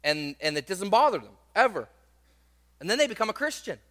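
A man preaching a sermon, swinging between loud emphatic stresses and quiet asides, and often repeating words as he restarts a phrase. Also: sits high, big pitch swings, fairly quick. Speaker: pastor. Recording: long hall reverb.

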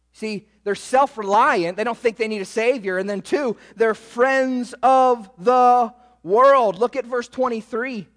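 A man's voice: high-pitched, big-room sound. A man preaching a sermon as pastor, emphatic, often repeating himself and checking in with "right?".

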